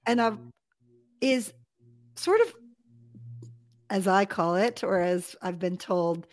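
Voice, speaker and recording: A woman's voice: medium pitch, slow. A woman co-hosting a podcast, chatting casually and playfully, jumping in with jokes and emphatic affirmations. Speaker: podcast co-host. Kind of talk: casual chat.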